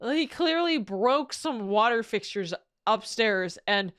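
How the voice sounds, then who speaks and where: A woman's voice: a little high, expressive, slow pace, fairly bright tone, clear, resonant tone. A woman streamer reacting to a comedy video with casual chat and exclaimed reactions.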